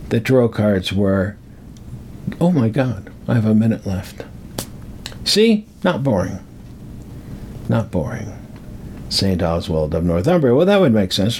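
A man's voice: low voice, creaky, darkish tone, slight background noise. An older man telling a rambling personal story, repeating words for emphasis. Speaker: speaker on metaphysics.

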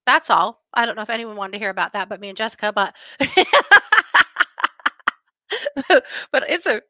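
Bright, chatty woman streamer. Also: mid-range voice, racing, dry recording. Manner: chatty and rambling, laughs often, many asides and restarts. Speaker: livestream host reading viewer comments. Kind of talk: casual true-crime chat with viewers.

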